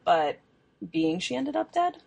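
A young woman co-hosting a podcast, casually telling a true crime case, chatty and quick to laugh. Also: high voice, big pitch swings, creaky, a little mellow. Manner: chatty storytelling, laughs often, swears. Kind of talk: casual chat.

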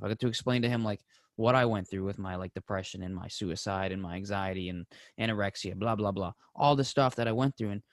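A young man and podcast co-host in casual chat. He tells stories with animated energy, jumping into high excited voices when quoting people and dropping soft and low on heavier moments. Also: no room sound, clean studio sound.

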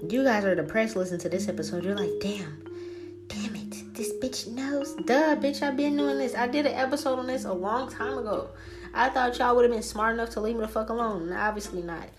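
A brash woman hosts a spiritual podcast alone, and her voice sits a little high. She rants in a profane, trash-talking stream. There is faint music behind her. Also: quick pace. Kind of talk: casual solo podcast rant.

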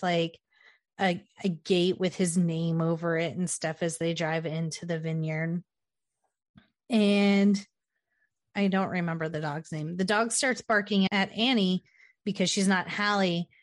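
Animated woman recapping a movie. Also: on the low side, no echo, studio quality. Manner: animated retelling, acts out character lines. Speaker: podcast co-host. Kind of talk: casual movie recap chat.

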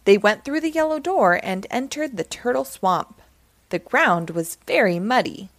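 A woman reading a children's picture book aloud, gentle and expressive. Her pace is slow and her pitch rides up and down in a lively way. The sound is dry and close. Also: dry recording. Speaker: storyteller.

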